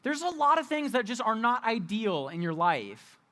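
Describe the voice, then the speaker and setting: A man's voice: extremely high pitch, sing-song, moderate pace, sharp tone. A young adult man preaching a candid, conversational sermon as a youth pastor, often repeating and restarting his phrases.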